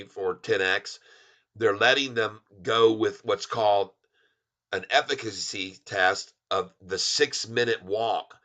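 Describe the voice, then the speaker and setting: A man hosting a casual livestream about stocks. He talks in an excitable, rambling way, with loud exclamations and restarts. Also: lowish voice. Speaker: stock market vlogger and songwriter.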